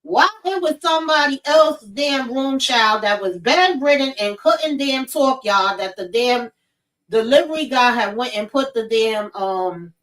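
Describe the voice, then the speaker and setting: A woman hosting a vlog, telling a personal story in a casual, expressive and profane way, talking straight to her viewers. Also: fairly high pitch, a little slow, distant mic, low-quality recording. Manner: expressive, profane, addresses viewers as child and y'all.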